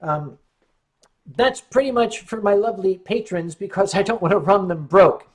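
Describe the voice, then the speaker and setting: A man's voice: high voice, moderate pace. A man hosting a casual livestream, reading out chat comments and answering with wry, rambling jokes while tipsy on wine. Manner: wry, joking, rambling storyteller.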